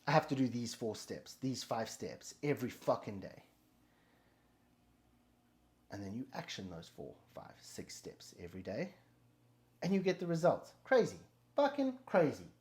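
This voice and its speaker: A man's voice: mid-range voice, a little mellow. A man hosting a motivational talk, speaking bluntly and emphatically with heavy swearing. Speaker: motivational podcast host. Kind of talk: motivational monologue.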